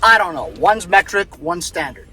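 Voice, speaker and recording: A man's voice: sits high, lively intonation, normal speed, sharp tone, low-quality recording. A man vlogging in a casual, rambling way, laughing easily as he talks through his day outdoors. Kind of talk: casual chat.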